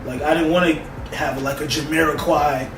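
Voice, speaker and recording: A man's voice: on the high side, steady tone, normal speed. A man talking emphatically in casual chat about a movie. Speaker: podcast co-host. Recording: echoey room, distant mic, background noise.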